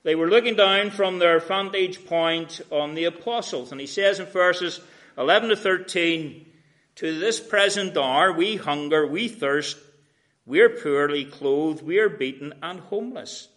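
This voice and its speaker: A man preaching an expository sermon, reading verses and paraphrasing them in a sarcastic everyday voice, swinging from loud emphatic lines to quiet asides. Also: a little high, unhurried.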